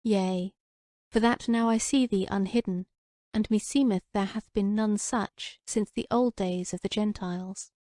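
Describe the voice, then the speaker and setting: Shy young squire read by a lady, faltering and quiet, mellow warm voice. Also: medium pitch, steady tone, measured pace, no room sound, clean studio sound, lightly acted. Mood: bashful. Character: young squire, bashful and awestruck.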